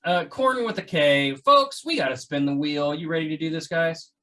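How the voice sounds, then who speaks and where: A man's voice: a little high, animated, moderate pace, a bit bright. A man hosting a podcast in a casual, joking way, teasing his co-hosts and reading out facts. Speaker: podcast host. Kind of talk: casual chat.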